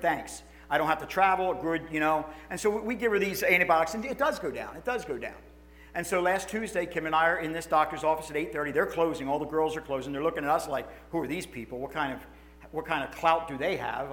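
A man, a pastor telling stories in a sermon with animated, emotional delivery, acting out quotes and restarting his sentences. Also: fairly high pitch. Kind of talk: sermon storytelling.

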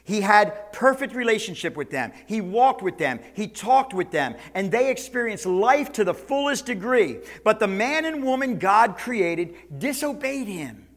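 Pastor guy preaching, kinda high voice, gets loud then drops real quiet. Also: very animated, measured pace, hardly any pauses. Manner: dynamic preaching, swings from loud and high to soft and low. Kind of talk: sermon.

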